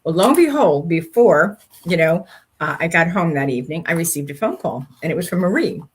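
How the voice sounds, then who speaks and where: An older woman co-hosts a faith-centered talk show, chatting warmly with a friend. Her voice sits fairly low and has a husky, breathy edge. She tells stories with energy and acts out the other people's lines. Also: fairly quick. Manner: animated storyteller, acts out quoted speech. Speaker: co-host. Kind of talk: faith-based casual chat.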